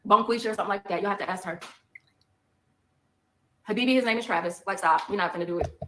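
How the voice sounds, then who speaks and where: A woman's voice: mid-range voice, fast, bright, forceful tone, a little hiss or hum. A woman in a heated monologue, emphatic and repeating her points for effect.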